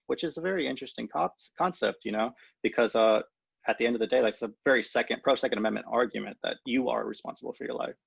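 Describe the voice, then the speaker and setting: A man co-hosting a political podcast, talking quickly and haltingly with frequent restarts. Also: medium pitch, gravelly, breathy edge, no echo. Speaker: podcast co-host. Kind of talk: casual political discussion. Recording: dull lo-fi sound.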